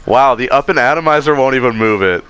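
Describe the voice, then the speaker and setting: A man's voice: mid-range voice, animated, fast talker, a bit bright, clear, resonant tone, faint music behind. A man joking and teasing his friends while they play an online game together. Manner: joking, teasing, quoting song lyrics. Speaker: gamer. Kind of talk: casual gaming chat.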